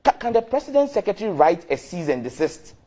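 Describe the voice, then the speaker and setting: Man, politician in a heated TV debate, emphatic, interrupting, husky, animated pitch. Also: fast. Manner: combative, emphatic, interrupts often. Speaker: member of parliament.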